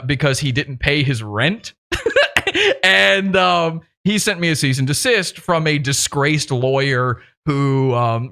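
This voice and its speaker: A man's voice: medium pitch, bright, forceful tone, clean tone. A man hosting a podcast interview, mocking and profane, laughing often as he talks. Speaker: podcast host. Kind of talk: casual interview.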